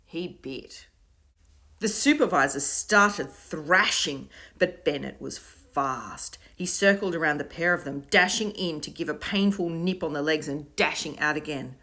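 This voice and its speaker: A woman narrating a children's storybook in an expressive, varied way. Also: low voice, unhurried. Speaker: audiobook reader.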